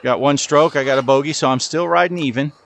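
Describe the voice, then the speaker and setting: A man's voice: mid-range voice, quick pace, gravelly, a bit bright. A middle-aged man giving casual, self-deprecating commentary while playing a VR golf game, talking to his ball as he plays. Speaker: gaming channel host.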